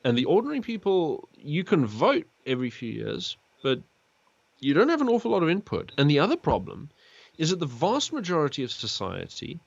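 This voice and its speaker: South African male guest, thoughtful and halting, muffled dry lo-fi sound. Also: on the high side, wildly swooping pitch, gravelly, dry recording. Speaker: guest, fellow YouTuber. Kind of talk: casual interview conversation.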